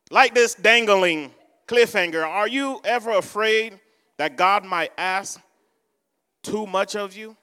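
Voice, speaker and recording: Male pastor; high, bright voice, echoing church. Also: slow, clean tone. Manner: repetitive, exhorting, switches languages. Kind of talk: sermon.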